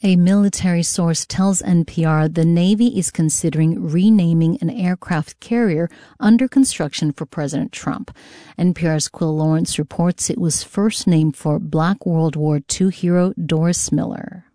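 Low, mellow-voiced woman newscaster. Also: no room sound, studio quality. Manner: measured, even newsreader delivery. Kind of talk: scripted news read.

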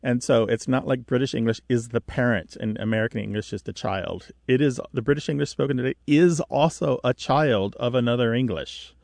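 A man's voice: medium pitch, fairly quick, vocal fry, hardly any pauses, darkish tone, no echo. A man co-hosting a call-in radio show about language, patiently explaining dialect differences with vivid comparisons. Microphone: studio mic.

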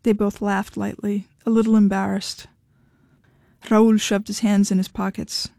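Brief: measured female storyteller, mellow warm tone, dry close mic. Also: medium pitch, level tone, vocal fry, no echo. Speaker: narrator. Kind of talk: audiobook reading of literary fiction.

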